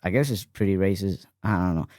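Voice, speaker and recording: A man's voice: deep voice, fairly quick, dark tone, dry recording, clean studio sound. A man co-hosting a casual comedy podcast, riffing loose and profane. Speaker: podcast co-host.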